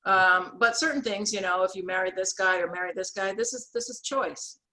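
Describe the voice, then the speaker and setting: Bright, animated woman telling stories. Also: medium pitch, brisk, low-quality recording. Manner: animated, acts out quoted voices, many restarts. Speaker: guest, author and sketch artist. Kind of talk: storytelling in an interview.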